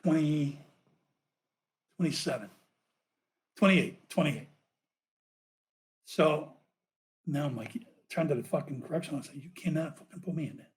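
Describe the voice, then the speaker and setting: A man, a former police officer, telling his story as a podcast guest in a profane, animated way. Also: on the high side. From United States.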